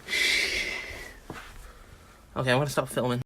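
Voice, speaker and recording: A man's voice: a little high, normal speed, slight background noise. A young man filming on his phone at home, nervous and swearing casually as he talks to the camera. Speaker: vlogger. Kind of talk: phone video narration. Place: house indoors.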